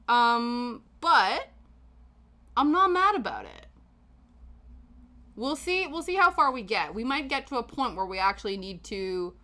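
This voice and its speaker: Casual streamer woman from Canada, self-mocking and quick to laugh; lively pitch, crisp bright tone. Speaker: livestream host. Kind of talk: casual chat while knitting.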